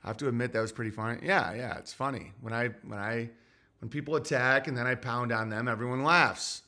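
A man's voice: medium pitch, brisk, pushed and bright. A man hosting a solo livestream, reading super chats in a grumpy, sarcastic ranting way.

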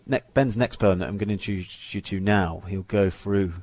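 A man hosting a podcast, introducing a guest in a relaxed, chatty way. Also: sits low, moderate pace. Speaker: podcast host.

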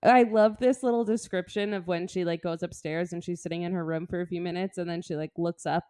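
A woman's voice: lowish voice, a little fast, smooth, no echo, clean studio sound. A woman co-hosting a podcast, chatting about a book in a playful, giggly way. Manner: playful, giggly, lively talk. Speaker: podcast co-host. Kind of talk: casual book-club chat.

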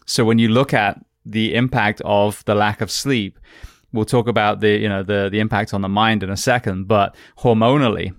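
A man's voice: on the low side, fairly even intonation, moderate pace, no echo, clean studio sound. A man speaking as a podcast guest in a casual, rambling way, often correcting himself mid-sentence and swearing now and then. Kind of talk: casual conversational explanation.

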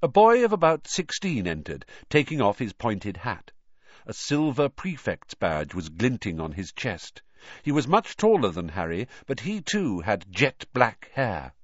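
A man narrating a storybook in an expressive reading style. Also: lowish voice, measured pace, no room sound. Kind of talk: audiobook narration. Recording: dull, dry recording.

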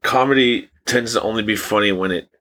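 A man's voice: lowish voice, brisk, sharp tone. A young man co-hosting a podcast, joking around and laughing a lot. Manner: giggly, joking. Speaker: podcast co-host. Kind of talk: crude casual podcast banter.

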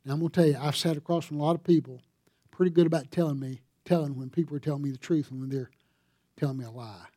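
A pastor preaching a sermon, telling a story and building to emphatic appeals. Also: male voice, fairly high pitch, fairly even intonation, fast talker, mellow, no room sound, clean studio sound.

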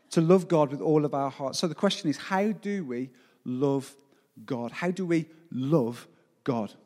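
A man's voice: high-pitched, darkish tone. A male pastor preaching a sermon in a church, passionate and emphatic, building through repeated phrases. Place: church hall. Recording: long hall reverb.

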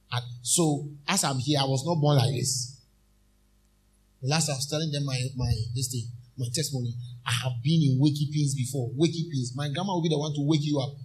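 Preaching as a minister, a man with a slightly high, darkish-toned voice calls out questions to his congregation. He leans on call-and-response, repeating and emphatically drawing out his key phrases.

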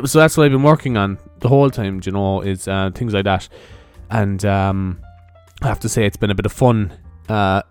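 A young Irish man rambles through his own podcast in a loose, unscripted way, dropping curses and chuckling at his own jokes. His voice sits on the low side, with faint music playing underneath. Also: vocal fry, a little mellow. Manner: chatty, swears, laughs at own jokes. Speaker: podcast host. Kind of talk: casual rambling monologue.

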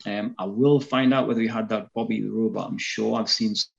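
A man's voice: fairly low pitch, steady tone, a little fast, creaky. A man with a North East English accent, rambling casually as an interview guest, with many ums and restarts. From North East England. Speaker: interview guest, fan film actor. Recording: dull lo-fi sound.

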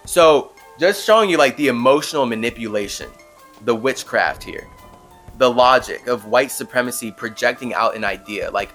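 A man with a mid-range voice hosts a casual podcast, rambling through a story in an unhurried way. His talk is loose and conversational, packed with "like" fillers, and faint music sits behind him. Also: mid-range voice, lively intonation, a bit bright. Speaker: podcast host.

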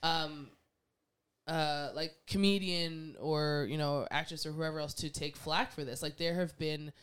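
Woman guest, casual chat, lively and opinionated, smooth resonant tone. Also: low-pitched, measured pace. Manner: animated, acts out quoted voices, laughs often.

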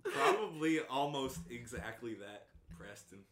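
A man's voice: medium pitch, sing-song, measured pace, fairly bright tone. A man telling a story in casual chat as a podcast co-host, exasperated and profane. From Kentucky. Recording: echoey room with faint background hum.

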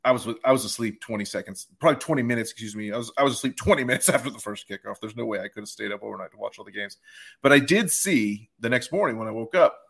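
A young man on a sports podcast, casually telling an animated story and putting on the voices of people he met. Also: medium pitch, rapid-fire, vocal fry, slightly rough. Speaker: podcast co-host.

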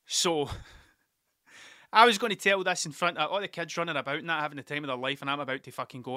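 Man, podcast host, rambling and sweary storytelling, slightly high voice, dry recording. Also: steady tone, brisk, sharp tone, no room sound. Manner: rambling, sweary, laughs at his own stories. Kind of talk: casual storytelling monologue.

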